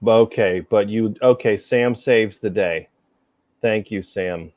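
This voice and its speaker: Male podcast host, low-pitched, faint Southern lilt, dry recording, loose and chatty. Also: takes it slowly, darkish tone, no room sound. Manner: chatty, rambling, self-deprecating. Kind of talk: casual chat.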